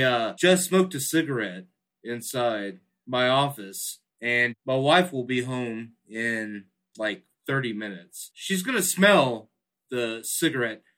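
Male guest, slow, bright tense tone, deadpan delivery. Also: mid-range voice. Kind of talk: casual comedic podcast banter.

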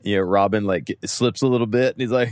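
A man's voice: lowish voice, fast talker, a little mellow, dry recording, studio quality. A man in casual podcast banter, talking in a rambling way full of fillers.

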